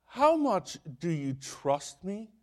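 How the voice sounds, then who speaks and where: A male preacher delivering a sermon in a high, lively voice that swings widely in pitch. He tells the story slowly and deliberately, acting out the people in it as he goes. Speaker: pastor.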